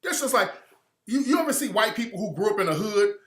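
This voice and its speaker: A man's voice: sits high, animated, quick pace, a bit bright, reverberant. A man from Alabama giving an emphatic, opinionated monologue as a commentator, hammering his points home with repetition. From Alabama, US South.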